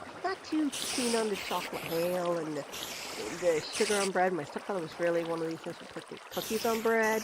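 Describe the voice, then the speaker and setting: A streamer from Canada giving casual gameplay commentary, rambling and giggling while thinking aloud. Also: medium pitch. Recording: loud constant background noise.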